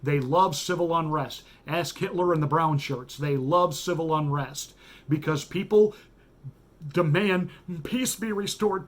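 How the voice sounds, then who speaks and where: A man's voice: fairly high pitch, measured pace. A man, a pastor hosting a radio show, giving a blunt, sarcastic political monologue with emphatic repetition.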